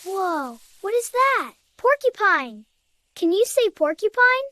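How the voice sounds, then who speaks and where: A performer voices a cheerful little cartoon kid in a children's educational cartoon, teaching toddlers animal names in a sing-song way and asking them to repeat the words. The voice is extremely high-pitched, very animated, bright, forceful, and exaggerated, taken slowly.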